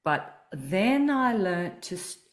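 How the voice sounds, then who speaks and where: A low-pitched woman hosting a podcast, talking about voice and the body as a singing teacher. She explains earnestly and keeps a conversational flow. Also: big pitch swings, slow pace. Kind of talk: casual podcast chat.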